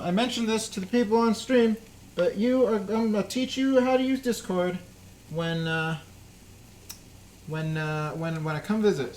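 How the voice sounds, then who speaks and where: A man's voice: sits high, a little hiss or hum. A man hosting a live baking stream at home in his kitchen, chatting casually and playfully, talking to himself and humming little tunes. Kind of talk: casual live-stream chat while cooking.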